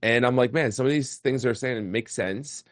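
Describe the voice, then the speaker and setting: A man's voice: medium pitch, normal speed, dry recording, studio quality. A man in his forties, a podcast guest, telling his life story in a casual, candid way and often repeating words. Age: 40s. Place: remote call.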